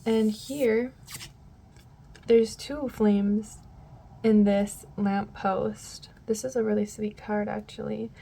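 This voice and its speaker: A woman's voice: mid-range voice, fairly even intonation, slow pace, gravelly, warm tone, husky. A woman giving a casual tarot reading to her viewers, rambling and often losing her train of thought. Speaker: tarot reader.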